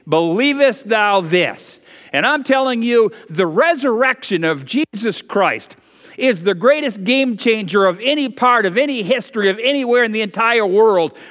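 A pastor delivering a sermon, telling stories with lively, rambling asides before coming back to scripture. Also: male voice, extremely high pitch, moderate pace. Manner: animated, digressive storytelling with asides. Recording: long reverb of a hall.

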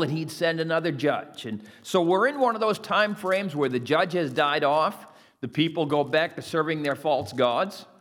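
A man with a somewhat high voice preaches a sermon. He reads scripture with rising emphasis and invites listeners to repeat key phrases after him. His voice carries a long reverb, as if filling a large hall. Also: a bit bright. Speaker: pastor.

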